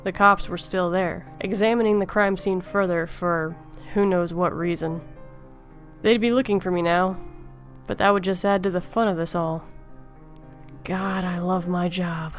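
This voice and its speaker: A woman with a lowish voice reads a first-person horror story in a calm, tired deadpan. Soft music plays faintly behind her. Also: moderate pace. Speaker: story narrator.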